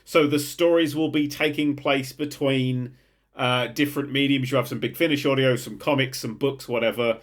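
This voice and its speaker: A man's voice: mid-range voice, steady tone, moderate pace. A young man hosting a casual podcast, rambling and swearing with frequent laughter. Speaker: podcast host. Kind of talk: casual chat.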